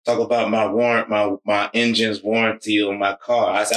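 A man's voice: lowish voice, fairly even intonation, brisk, fairly bright tone. A man joking and telling a story in casual podcast chat. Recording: roomy echo.

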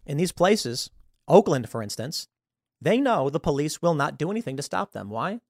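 A man hosting political commentary, talking in an animated and scornful way. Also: fairly high pitch, moderate pace, vocal fry, no room sound, studio quality. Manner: animated, acts out quoted voices, scornful. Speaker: show host.

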